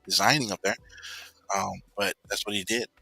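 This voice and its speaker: Forceful, rambling man telling a story. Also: lowish voice, fairly even intonation, moderate pace, vocal fry, rough recording. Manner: rambling, full of "you know" and restarts. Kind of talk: casual personal storytelling.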